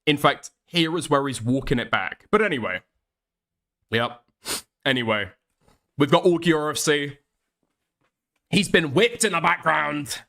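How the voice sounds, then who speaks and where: A man's voice: fairly high pitch, measured pace, vocal fry, pauses often, sharp tone. A man commenting on online drama, reading out posts and reacting in a blunt, exasperated, profane way. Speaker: commentary streamer.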